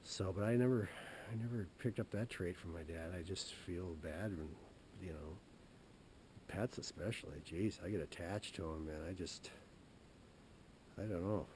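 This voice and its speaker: Low-voiced man rambling through a story. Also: a little mellow, slight background noise. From Wisconsin. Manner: rambling and halting, many restarts. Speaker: hunting show host. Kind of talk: casual storytelling. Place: outdoors in the woods.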